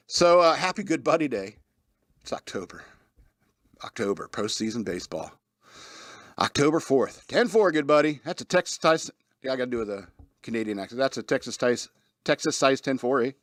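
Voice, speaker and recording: Rambling radio host, dry sound. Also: male voice, medium pitch, a bit bright, no room sound. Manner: rambling, laughs often, many restarts. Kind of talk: casual radio show chat.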